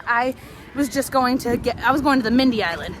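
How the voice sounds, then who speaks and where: A woman with a high voice tells a long personal story as she walks along a city street. She talks in a chatty, wandering way, full of ums and restarts. Loud street noise surrounds her. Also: brisk. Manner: chatty, rambling, with many fillers and restarts. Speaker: vlogger. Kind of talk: casual storytelling while walking.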